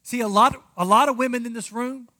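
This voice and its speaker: A man's voice: very high voice, fairly quick, pushed and bright. A man preaching a marriage sermon as pastor, emphatic and addressing the congregation directly.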